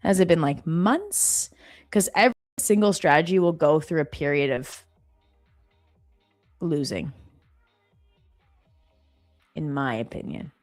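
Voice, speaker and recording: A woman hosting a live stream from an office, chatting casually and reading viewer comments aloud with quick, animated exclamations. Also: deep voice, faint music behind.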